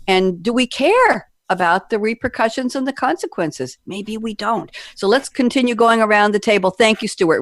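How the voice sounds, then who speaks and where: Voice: medium pitch, dry recording. Chatty radio host with a dry studio sound. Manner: chatty, jokey, rambling asides. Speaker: radio talk-show host. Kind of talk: conversational radio hosting.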